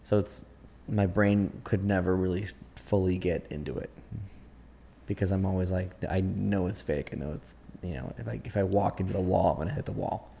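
A man's voice: low voice, steady tone, moderate pace, creaky, warm tone, a little hiss or hum. A man hosting a podcast, chatting casually and thinking aloud with lots of fillers. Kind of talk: casual chat.

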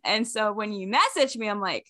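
A woman's voice: medium pitch, expressive, moderate pace, bright, forceful tone. A woman hosting a fan podcast in casual chat over a remote call, earnest, giggly and effusive. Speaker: podcast host.

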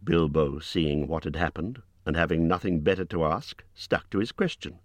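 A man narrating an audiobook in an expressive reading voice, lifting his pitch for character lines. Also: moderate pace, few pauses, dry recording. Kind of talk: scripted narration.

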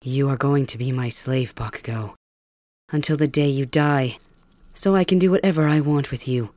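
A woman voicing a cold, cruel young male king, calm and mocking, in an ASMR audio role-play. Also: very deep voice, moderate pace, dry recording. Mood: coldly cruel.

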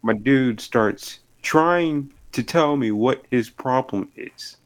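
A young man telling a story in casual chat, animated, acting out what people said. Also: mid-range voice, slow. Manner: animated storyteller, acts out exchanges.

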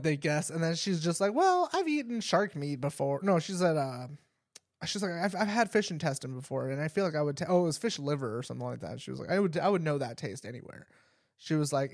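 Higher-voiced young man rambling with laughs. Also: no room sound, studio quality. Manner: rambling storytelling full of "like" and laughter. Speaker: podcast co-host. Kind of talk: casual chat.

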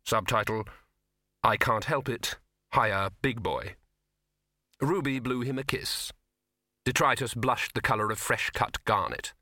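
A man's voice: medium pitch, unhurried, pauses often, pushed and bright, dry recording. A man narrating a comic fantasy audiobook in a dry storytelling manner. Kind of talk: scripted narration.

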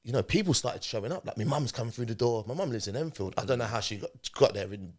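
A man's voice: medium pitch, fast. A man, a podcast guest telling a personal story in conversation, animatedly acting out what people said. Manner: animated retelling, acting out quoted speech.

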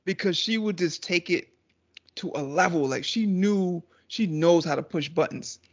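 A man on a podcast talks in a laid-back, joking way. His voice sits a little high. The audio is muffled and lo-fi. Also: moderate pace. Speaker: co-host. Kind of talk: casual podcast chat. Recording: dull lo-fi sound.

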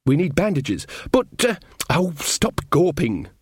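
A man voicing a flustered young queen, brisk and distracted, in a comic fantasy audiobook. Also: fairly high pitch, very animated, husky, no room sound, studio quality, pitched above the performer's own voice, full character voice.

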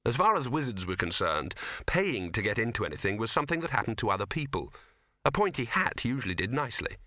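A man's voice: medium pitch, very animated, quick pace, pushed and bright, no echo. A man narrating a comic fantasy audiobook, shifting his voice for each character.

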